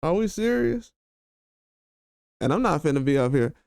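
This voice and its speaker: A man's voice: on the high side, very animated, normal speed, creaky, darkish tone, no room sound, studio quality. A man hosting a commentary video, ranting in a heated, slangy, emphatic way and repeating his points. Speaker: commentary channel host. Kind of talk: casual commentary rant.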